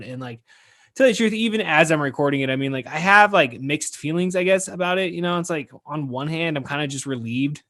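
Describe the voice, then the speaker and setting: A man's voice: mid-range voice, a bit bright. A man hosting his own podcast in a loose, casual chat, swearing freely and saying "dude" and "like" a lot. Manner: laid-back, swears freely, lots of "dude" and "like". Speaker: podcast host.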